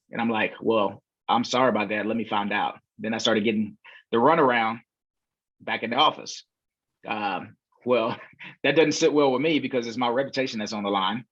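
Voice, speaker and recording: Speaking in a mid-range voice at a moderate pace, a man who invests in real estate talks casually as a podcast guest. He relaxes into a long story, using lots of fillers and performing the quoted voices. There's no echo, and the audio comes across dull, dry and lo-fi.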